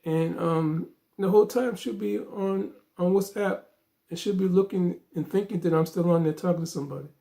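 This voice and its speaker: A man's voice: high voice, normal speed, gravelly. A man vlogger telling a story in a casual way, acting out the dialogue with lots of fillers. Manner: animated, acts out dialogue, frequent fillers.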